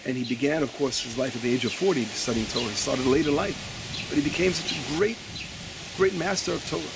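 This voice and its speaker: A male rabbi teaching Torah. He stops to search his papers, stumbles and repeats words, and reads his quotes slowly with weight. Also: mid-range voice, creaky, very noisy. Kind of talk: Torah lesson.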